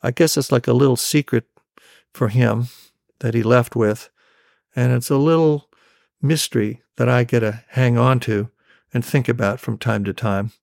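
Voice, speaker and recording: Gravelly man telling a family story. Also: mid-range voice, fairly even intonation, darkish tone, dry recording, studio quality. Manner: unhurried, wry storytelling.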